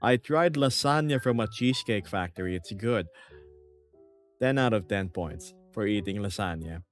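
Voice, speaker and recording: A man's voice: lowish voice, animated, normal speed, soft background music. A man, streaming from home and reading viewer comments aloud in a playful, chuckling way. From Philippines.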